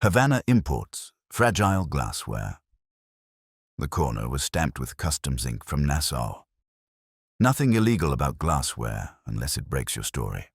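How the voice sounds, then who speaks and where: A man's voice: rumbling low, sing-song, normal speed, slightly rough, no room sound, studio quality. A man narrating a hardboiled mystery in a wry, clipped first-person delivery.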